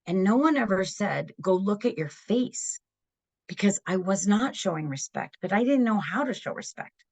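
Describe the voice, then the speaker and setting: A middle-aged woman presenting a parenting webinar in a casual, animated way, acting out quoted voices. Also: mid-range voice, moderate pace, gravelly.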